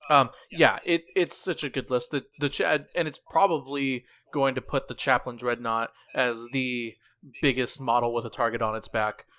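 A man's voice: mid-range voice, fairly even intonation, moderate pace, sharp tone. A man hosting a podcast, chatting casually and often restarting his sentences. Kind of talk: casual chat.

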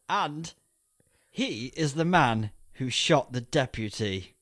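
A man's voice: mid-range voice, lively intonation, takes it slowly, a bit bright, no echo, studio quality. A man hosting a casual podcast, with jokey, teasing introductions. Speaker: podcast host.

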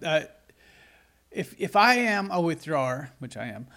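A man's voice: a little high, very animated, unhurried, sharp tone. A man co-hosting a conversational podcast, talking earnestly about relationships, often restarting his sentences. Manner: earnest, with frequent restarts and repeated words. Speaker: podcast co-host.

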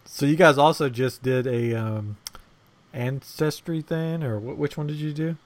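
A man's voice: a little high, measured pace, dry recording. A man hosting a podcast, leading a casual chat with teasing remarks and plenty of fillers. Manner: teasing, leads the conversation with fillers. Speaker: podcast host.

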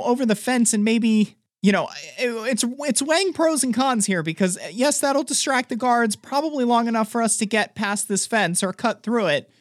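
A woman's voice: on the high side, no echo, clean studio sound. A woman playing a tabletop game, thinking aloud hesitantly with restarts. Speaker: player.

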